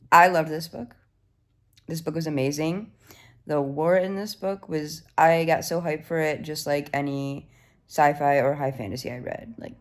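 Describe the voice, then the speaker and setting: A woman in her twenties giving casual, excitable reading updates as a book vlogger, swearing freely and gushing over the story. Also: low voice.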